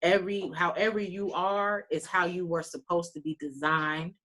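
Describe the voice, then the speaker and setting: A woman's voice: on the low side, fairly even intonation, moderate pace, fairly bright tone. A talkative, earnest woman giving folksy closing remarks as a panelist on a video call. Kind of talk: round-table closing remarks. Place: virtual meeting.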